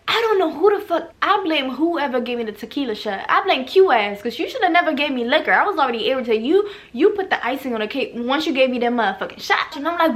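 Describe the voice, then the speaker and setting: A woman's voice: high voice, expressive, fast, hardly any pauses, fairly bright tone. A young woman from Africa in her twenties telling a dramatic story for her vlog, sassy and profane, acting out every line. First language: an African language. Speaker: storytime vlogger.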